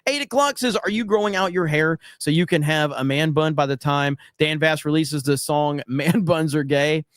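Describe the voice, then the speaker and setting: A man hosting a livestream, reading chat messages and riffing on them in a loose, swearing, laugh-prone way. His voice sits a little high for a man. The sound is dry and close, with no room echo. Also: normal speed. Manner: loose and profane, laughs often. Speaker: podcast host reading viewer chats.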